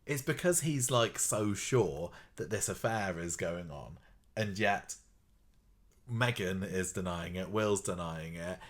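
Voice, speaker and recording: Deep-voiced man, wry and rambling. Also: animated, takes it slowly. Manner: chatty, rambling, wry asides. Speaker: podcast co-host. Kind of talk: casual chat recapping a soap.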